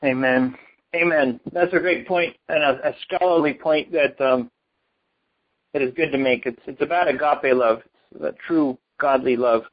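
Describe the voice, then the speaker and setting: A man leading a church gathering, earnestly reading a written testimony aloud with a halting delivery. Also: mid-range voice. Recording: muffled lo-fi recording.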